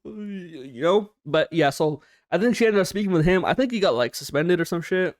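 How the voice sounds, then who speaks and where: A young man hosting a casual storytime vlog, slangy and animated, swearing often and acting out what people said. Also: high-pitched, a little fast, few pauses. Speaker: storytime YouTuber.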